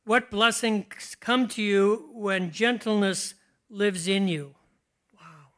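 An older pastor speaks in a relaxed, chatty way, laughing often. His voice sits fairly high, and he takes his time, drawing out the words he wants to stress. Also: slow. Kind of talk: conversational sermon.

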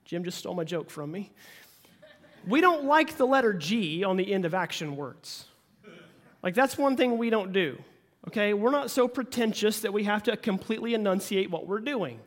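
A man with a light Oklahoma accent preaches in a relaxed, folksy way, full of jokes and playful asides. His voice sits high for a man. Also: normal speed. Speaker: pastor. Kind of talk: sermon.

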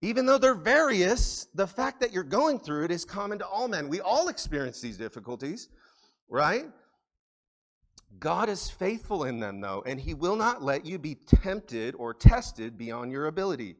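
A man preaching a sermon as pastor, moving between emphatic, raised passages and soft, intimate asides to his congregation. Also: a little high, big pitch swings, normal speed. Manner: earnest preaching, rising to emphatic peaks then dropping to soft, intimate asides. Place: church sanctuary.

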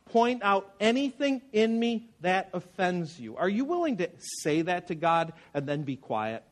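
A man's voice: high voice, sing-song, unhurried, few pauses. A man preaching a sermon in an earnest, conversational way, with personal stories. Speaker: pastor.

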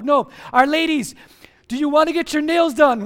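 A man preaching with a strikingly high voice and lots of energy. He punches key words and leads the congregation in call-and-response, counting them in. It sounds like a pastor rallying his church family. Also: normal speed. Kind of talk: sermon.

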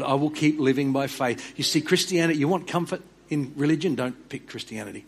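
An earnest man preaching a sermon, repeating and restarting words and dropping quiet for emphasis. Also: fairly high pitch, fairly quick, few pauses, husky. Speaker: pastor.

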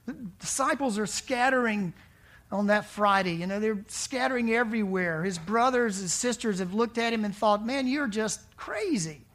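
Male pastor, conversational sermon, rhetorical questions, hushed dramatic drops. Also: sits high, normal speed.

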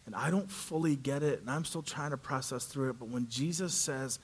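A male pastor preaching a sermon, telling a story with animated delivery and acting out the characters' voices. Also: medium pitch, normal speed, slightly rough.

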